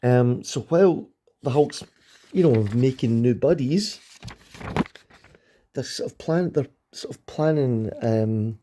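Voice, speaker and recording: A man's voice: mid-range voice, slow, pauses often, background noise. A middle-aged man reviewing an old comic book in a casual vlog, rambling and enthusiastic, with lots of ums and restarts.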